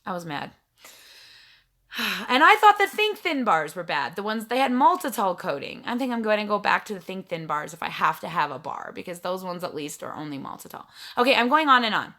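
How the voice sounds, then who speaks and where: Bright-voiced chatty woman vlogger. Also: mid-range voice, very animated, brisk. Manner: chatty, rambling, self-mocking. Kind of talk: casual chat to camera. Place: home room in front of a backdrop.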